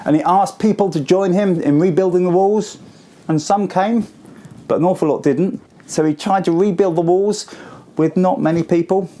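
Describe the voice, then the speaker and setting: Lively man telling children a story. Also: high voice, normal speed. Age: 40s. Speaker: school assembly speaker. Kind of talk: children's assembly talk.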